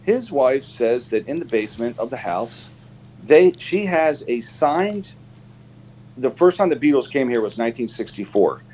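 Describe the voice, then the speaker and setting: Man, casual panelist, lively swinging pitch, rambling storyteller, faint background hiss. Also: moderate pace, poor audio. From United States. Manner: animated storyteller, many fillers, pitch jumps when quoting. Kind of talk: casual live panel chat.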